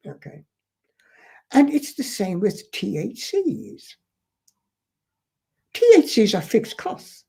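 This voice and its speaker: A man's voice: high voice, very animated, takes it slowly, gravelly, pauses often, dark tone. A man explaining shipping costs as a trainer, earnest and emphatic, repeating key points to drive them home. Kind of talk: instructional explanation.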